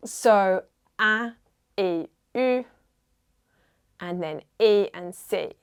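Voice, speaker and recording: A woman teaching a French lesson at an unhurried, deliberate pace. She models each sound with care, repeating words so learners can follow. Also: medium pitch, smooth. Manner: slow, careful, models pronunciation and repeats words. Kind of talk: language lesson.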